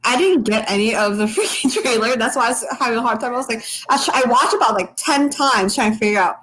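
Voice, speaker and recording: A woman co-hosting a casual trailer-review show, talking in a relaxed, hesitant way with easy laughter. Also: on the high side, fast talker, poor audio. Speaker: podcast co-host reviewing trailers. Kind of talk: casual chat.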